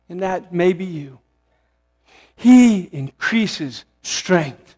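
A man preaching a sermon as pastor, impassioned, swelling to emphatic peaks and then dropping to a hush. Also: high-pitched, expressive, takes it slowly, pauses often, long reverb tail. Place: church sanctuary.

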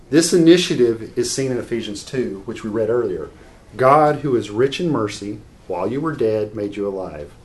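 A man preaching a sermon, earnest and unscripted, moving from scripture into a family story with frequent restarts. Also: medium pitch.

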